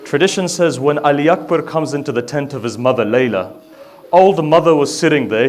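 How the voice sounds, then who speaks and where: A man giving a mourning sermon, reciting slowly and rising to loud grieving cries. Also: on the high side. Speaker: Shia religious speaker.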